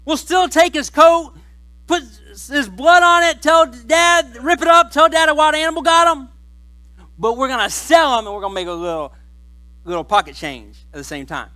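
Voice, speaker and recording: A man preaching a sermon voices jealous young brothers who scheme eagerly, a little louder and higher than his own voice. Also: measured pace, long pauses, dry recording, exaggerated voice. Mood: scheming. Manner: eager, conspiratorial.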